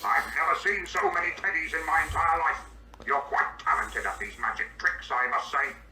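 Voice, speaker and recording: A man's voice: fairly high pitch, expressive, moderate pace, sharp tone. Mister Bean, as a synthetic male voice reading his stage cues. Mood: indignant. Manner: reads out his own stage directions before speaking; synthetic, evenly paced delivery. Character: indignant, easily baffled grown man. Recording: echoey and distant, faint background hiss.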